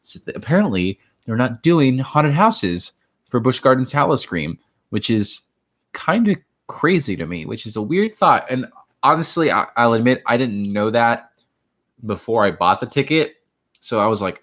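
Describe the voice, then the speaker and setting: A man's voice: medium pitch, lively intonation, moderate pace, a bit bright. A man in his twenties from Miami, hosting a casual home livestream, rambling and chatting as he answers viewer questions. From Miami, Florida. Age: 20s. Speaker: host of a livestream.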